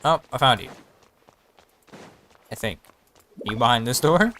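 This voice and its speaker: A man's voice: mid-range voice, expressive, unhurried, a bit bright. A man giving casual, joking gameplay commentary, often talking to himself as he plays. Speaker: streamer.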